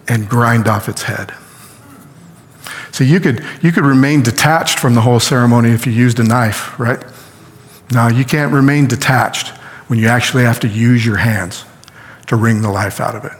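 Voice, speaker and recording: A male pastor tells a story from the pulpit and jumps into the voices of its figures. His voice sits in a middle range and rings with the long reverb of a large hall. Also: medium pitch. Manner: animated retelling with acted-out quotes. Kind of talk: storytelling sermon.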